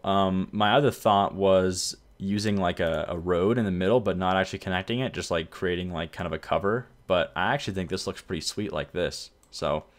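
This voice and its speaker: A man casually commenting while playing a city-building game, rambling and correcting himself as he goes. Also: sits low. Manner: relaxed, rambling, self-correcting. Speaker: gameplay video host. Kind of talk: casual let's-play commentary.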